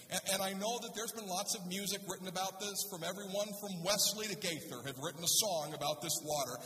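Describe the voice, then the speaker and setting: A man's voice: high-pitched, sharp tone, slight background noise. A male pastor preaching a sermon in a conversational way, reading scripture and asking the congregation rhetorical questions, in a church sanctuary. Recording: echoey hall, speaker far from mic.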